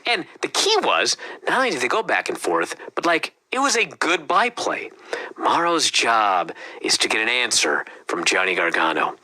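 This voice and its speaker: A man's voice: mid-range voice, wildly swooping pitch, normal speed, pushed and bright. A man co-hosting a wrestling review show, talking in a casual, profane, ranting way. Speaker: podcast co-host.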